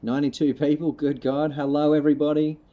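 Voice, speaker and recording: A man streams a farming game, chatting with viewers in a laid-back, rambling, joking manner. His voice is a little high, flat in delivery, and fast. The lo-fi mic sounds slightly muffled.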